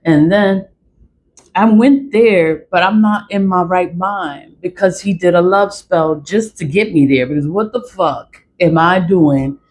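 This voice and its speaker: A woman's voice: lowish voice, a little slow, a little mellow, a little hiss or hum. A woman telling a personal story in a casual vlog, blunt and profane, repeating herself for emphasis. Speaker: vlogger.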